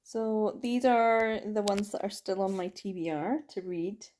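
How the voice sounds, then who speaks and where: A chatty book vlogger with a mid-range, slightly mellow voice talks casually about her reads at a measured pace. She sounds tired and yawns, rambling along with frequent laughter and plenty of ums.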